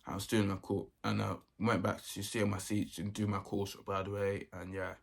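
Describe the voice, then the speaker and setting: Gravelly young man rambling. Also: lowish voice, flat delivery, moderate pace. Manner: rambling, repeats himself often. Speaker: vlogger. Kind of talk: casual storytelling.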